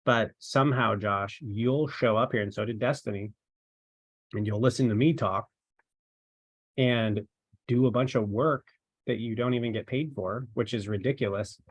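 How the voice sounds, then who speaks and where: A man's voice: mid-range voice, moderate pace, slightly rough, no echo. A man as a trainer, giving an informal, rambling talk to his team and tossing in rhetorical questions. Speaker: ministry marketing trainer.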